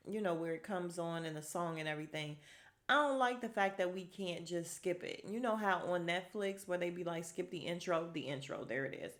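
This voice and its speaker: Woman podcaster recapping a tv ep, super animated, laughing, doing the characters' lines. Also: lowish voice. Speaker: podcast host recapping a TV episode. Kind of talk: casual recap chat.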